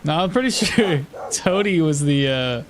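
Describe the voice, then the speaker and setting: A man's voice: a little high, expressive, a little slow, a little hiss or hum. A man streaming a game and chatting casually, joking and laughing often between rambling asides. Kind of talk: casual live gameplay commentary.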